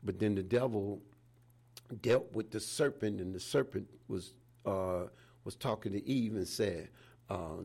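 Gravelly old preacher, folksy. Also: male voice, lowish voice, unhurried, darkish tone. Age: 70s. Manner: folksy, repeats "praise the Lord" between phrases. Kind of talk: informal sermon.

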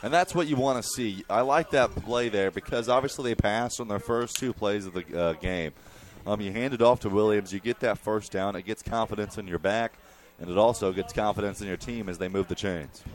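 A young man giving color commentary on a high school football game, explaining play calls like a coach. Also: a little fast.

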